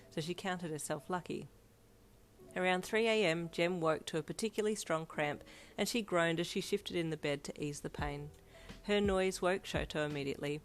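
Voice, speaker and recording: A woman reading fanfiction aloud in a steady storybook narration. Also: deep voice. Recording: soft lofi piano behind.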